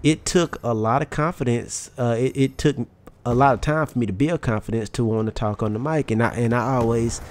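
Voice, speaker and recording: Medium-pitched and brisk, this young YouTube commentator has a strong Southern US twang. He rambles candidly with plenty of profanity while offering casual motivation over his gameplay. Slight background noise is present.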